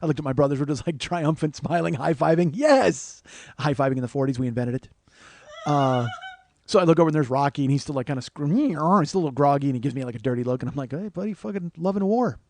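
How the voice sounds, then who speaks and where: A middle-aged man, the host, telling a comic story in an animated, profane way, often getting loud and excited. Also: mid-range voice, rapid-fire. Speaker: podcast host.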